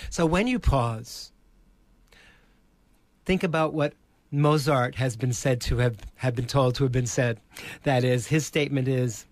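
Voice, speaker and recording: A man with an Australian accent, a presentation coach on a podcast, speaking slowly with theatrical emphasis. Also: mid-range voice, lively intonation, no room sound. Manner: slow, theatrical, emphatic delivery. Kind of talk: podcast interview.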